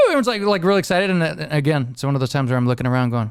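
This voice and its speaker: A man's voice: on the high side, rapid-fire, smooth, dry recording, clean studio sound. A man hosting a podcast, telling stories in casual chat, laughing often and acting out the people in them. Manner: laughing often, animated storytelling with impressions. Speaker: podcast host.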